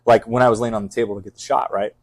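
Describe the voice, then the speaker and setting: Chatting casually on a podcast, a middle-aged fire captain speaks quickly and intensely, looping back with fillers and restarts. His voice is fairly low and gravelly with fairly even intonation, recorded dry and close with no room sound.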